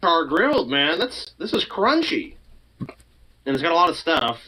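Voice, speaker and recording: A man reviewing fast food in a chatty, blunt way with casual slang. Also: fairly high pitch, very animated, pushed and bright, slight background noise, rough recording.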